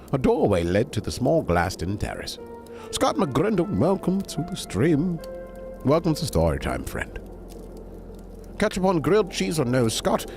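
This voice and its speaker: A man's voice: medium pitch, vocal fry. A man reading a bedtime story aloud to a stream, breaking off for chatty, digressing asides.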